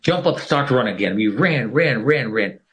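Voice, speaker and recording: A man's voice: mid-range voice, moderate pace. A man telling a personal story as an interview guest, acting out what other people said. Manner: animated storyteller who acts out the dialogue of others.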